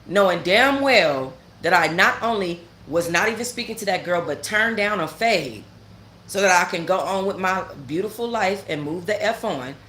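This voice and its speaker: A woman with a fairly low voice tells a story as a heated, casual rant. She is blunt and profane and hammers her points home by repeating them. Her voice echoes around the room over a faint background hum. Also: lively intonation, moderate pace, a bit bright. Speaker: channel host.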